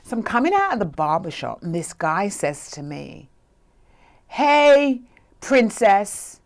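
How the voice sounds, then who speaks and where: A woman's voice: sits low, big pitch swings, normal speed, creaky. A woman life coach telling a personal story in a conversational way, often checking in with "right?". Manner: conversational, often asks "right?", acts out quoted voices.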